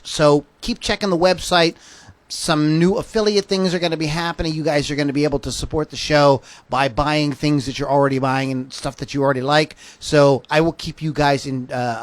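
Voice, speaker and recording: A man hosts a rock podcast from his home studio. He talks in a joking, rambling way, often stopping to correct himself. His voice sits a little high, and the sound is dry and close. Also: a bit bright, no room sound. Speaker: podcast host. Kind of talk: casual livestream chat. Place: home studio with a fan running.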